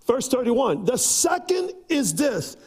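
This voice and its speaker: A man preaching a sermon, telling a personal story with acted-out quotes and rising to shouts. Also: very high voice, big pitch swings, slow pace, breathy edge. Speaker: pastor. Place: church.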